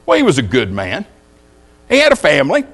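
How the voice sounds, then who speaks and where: A man's voice: on the high side, wildly swooping pitch, a little fast, a bit bright. An older man preaching a sermon, telling homespun stories and jokes in a folksy way.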